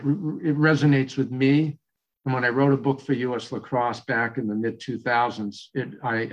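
A man in his sixties with a Boston accent, a coach telling a long story as a guest in an interview, rambling with many fillers and restarts. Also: medium pitch. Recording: dull, muffled audio.

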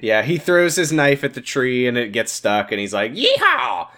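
A podcast co-host narrates a TV episode with a voice that swings widely in pitch. They act out the characters' lines for laughs, keeping the recap loose and comic. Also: moderate pace. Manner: animated storytelling, acting out characters, laughing. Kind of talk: casual comedic TV recap chat.

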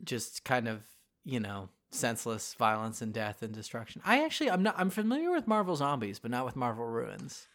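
A man's voice: medium pitch, very animated, fairly quick, a bit bright. A man co-hosting a podcast, recapping a story in casual chat and acting out characters' lines as he goes. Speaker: podcast co-host.

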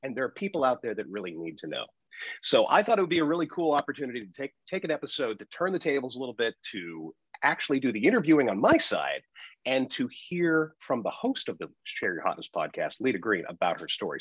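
A man's voice: mid-range voice, fast talker, slightly rough, dry recording, lo-fi sound. A man producing and co-hosting a podcast, chatting casually with jokes and frequent restarts. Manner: animated, joking, frequent restarts. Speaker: podcast producer turned interviewer.

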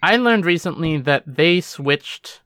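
Bright, crisp-voiced man chatting casually. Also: a little high, expressive, takes it slowly, no echo, clean studio sound. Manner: chatty, trails off and restarts mid-thought. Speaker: podcast co-host. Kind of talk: casual chat.

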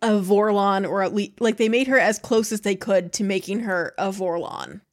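A woman co-hosting a podcast in casual chat, relaxed and thoughtful. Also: mid-range voice, moderate pace. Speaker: podcast co-host.

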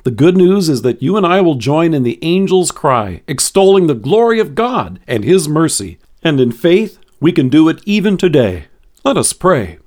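A man giving a scripted devotional, reading scripture with expressive, dramatic delivery from a close studio mic. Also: fairly high pitch, normal speed. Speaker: devotion speaker.

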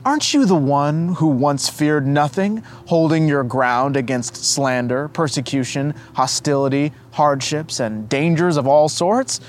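A man voicing a gentle, affectionate young boy saint who speaks earnestly and kindly to an old friend. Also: on the high side, a little slow, few pauses, slight background noise, natural voice.

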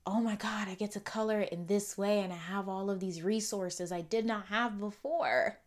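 Young woman, solo podcast host, earnest and affirming, loops phrases, drifts quiet. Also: mid-range voice, steady tone, normal speed. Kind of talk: reflective solo podcast monologue.

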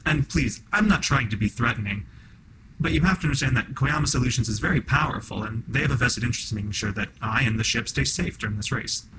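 A man voicing a calm, courteous male robot cube that pilots a racing ship, speaking evenly and politely. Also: medium pitch, fast talker, heavy background noise, lightly acted. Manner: serene, courteous, matter-of-fact.

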